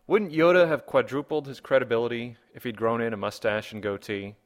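A man's voice: mid-range voice, fairly quick. A man hosting a comedy podcast, reading listener comments and rambling through wry rhetorical questions. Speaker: podcast host.

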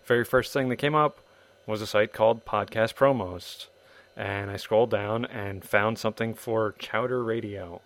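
A man's voice: on the low side, steady tone, normal speed, a bit bright. A man hosting a podcast and telling anecdotes in a chatty way, full of asides. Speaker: podcast host. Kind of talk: casual spoken storytelling.

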